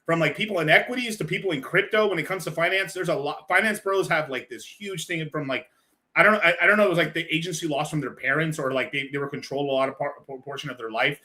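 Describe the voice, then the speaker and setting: A stream host reacts to a clip in casual, profane commentary, his bright voice sitting on the high side and a little raised. He talks quickly and loosely, rambling off the cuff with restarts and asides while laughing often and swearing a lot.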